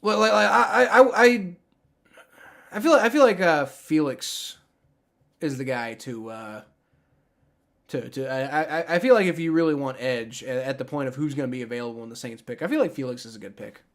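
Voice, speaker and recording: A man's voice: fairly high pitch, normal speed, vocal fry, fairly bright tone. A young man casually reacting on a live stream, rambling with many restarts and frequent swearing. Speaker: streamer reacting to a sports draft.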